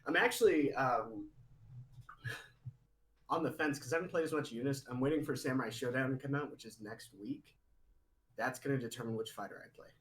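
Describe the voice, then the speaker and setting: Guy rambling about games on a live podcast, medium pitch, jokey and loose. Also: a little fast, pauses often, fairly bright tone, poor audio. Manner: rambling, laughs often, teasing. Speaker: podcast co-host. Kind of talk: casual chat. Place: studio or home room, live podcast.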